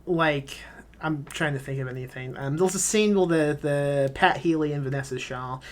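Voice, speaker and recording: A man's voice: on the high side, normal speed. A man being interviewed as a screenwriter guest on a podcast, talking casually in long rambling answers full of filler words and offhand swearing.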